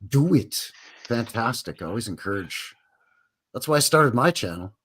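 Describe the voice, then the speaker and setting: A Canadian man in easygoing live-stream chat, joking with his co-host and dropping "eh" at the end of lines. His voice sits at a middle pitch, loose and talkative. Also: lively intonation, moderate pace, a bit bright, husky. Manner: joking, chatty, drops in "eh" often.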